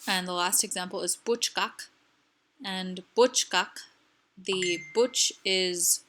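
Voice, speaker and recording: A woman's voice: fairly low pitch, steady tone, slow, a bit bright, slight background noise. A woman teaching grammar rules, explaining patiently and repeating each example word.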